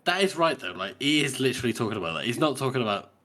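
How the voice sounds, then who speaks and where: A man's voice: mid-range voice, very animated, rapid-fire, sharp tone. A man co-hosting a book podcast, arguing his point insistently in casual chat. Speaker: podcast co-host.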